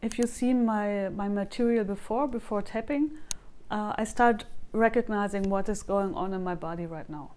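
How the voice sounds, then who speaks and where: A woman leading a guided tapping tap-along, speaking calmly and repeating phrases for viewers to echo. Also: mid-range voice, normal speed, smooth. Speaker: EFT tapping coach.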